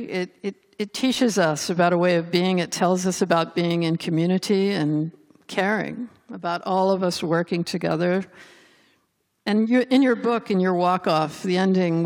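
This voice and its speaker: A woman interviewer at a public talk who speaks in a measured, reflective way as she poses her questions. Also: fairly low pitch, darkish tone. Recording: long hall reverb.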